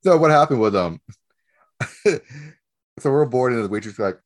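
A man's voice: mid-range voice, expressive, normal speed. A young man in casual chat, telling stories with frequent laughs and casual swearing.

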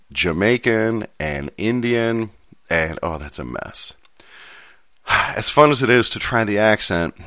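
A man's voice: low-pitched, a bit bright, no echo, clean studio sound. A man hosting a casual show, reading out contract text and chatting about it in a self-deprecating way. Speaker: host.

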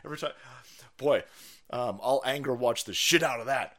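A man hosting a political stream, ranting loudly and sarcastically with lots of swearing and mocking voices. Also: mid-range voice, moderate pace. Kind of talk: profane ranting commentary.

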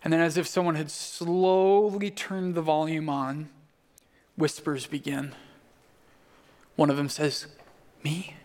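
Male pastor, high register, narrative sermon in a reverberant hall. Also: flat delivery, slow pace, pauses often, a little mellow. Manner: storytelling, acting out quoted voices.

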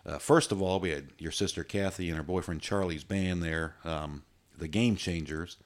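A man's voice: deep voice, moderate pace. A man co-hosting a podcast, chatting casually in a joking, rambling, easygoing way. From Virginia. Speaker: podcast co-host. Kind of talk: casual chat.

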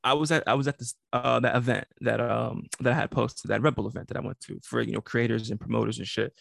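A man's voice: medium pitch, fast, vocal fry. A man co-hosting a casual podcast, telling stories animatedly with lots of slang. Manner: animated storytelling, heavy slang, frequent laughter. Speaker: podcast co-host.

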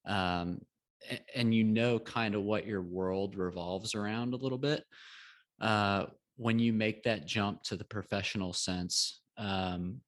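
A young man from Texas co-hosts a podcast in a deep, flat voice. He reflects in a measured, casual way and keeps checking in with his listeners through quick tag questions. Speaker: podcast co-host, former college athlete.

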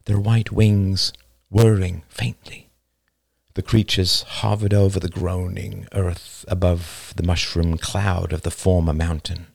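A man narrating a novel as an audiobook, slow, deliberate and dramatic. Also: low-pitched, little pitch movement, gravelly, darkish tone, no echo, studio quality.

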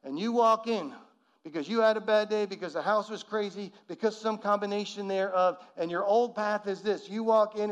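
A man preaching a sermon, earnest, moving between loud emphasis and soft, low, prayerful passages. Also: clean tone. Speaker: pastor.

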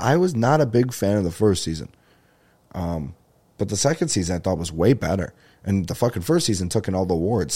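A man's voice: deep voice, dark tone. A man hosting his own comedy podcast, chatting alone in an enthusiastic, rambling, profane way about his week. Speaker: stand-up comedian and podcast host. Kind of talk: casual solo podcast chat.

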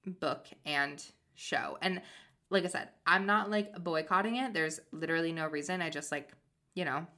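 Bright-voiced chatty woman podcaster. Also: low voice, moderate pace. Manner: chatty, tangent-prone, lots of fillers. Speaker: podcast co-host. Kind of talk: casual chat.

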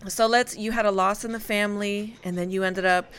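A woman's voice: mid-range voice, fairly even intonation, brisk, a bit bright, smooth. A woman hosting a talk show, chatty and encouraging as she leads into questions with playful asides. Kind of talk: conversational interview.

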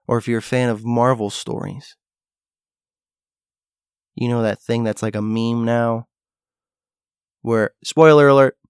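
Gravelly guy thinking out loud, rambly monologue, dry sound. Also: medium pitch, fairly even intonation, measured pace, pauses often, no room sound. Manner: musing, rambling with restarts and asides. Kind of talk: casual monologue.

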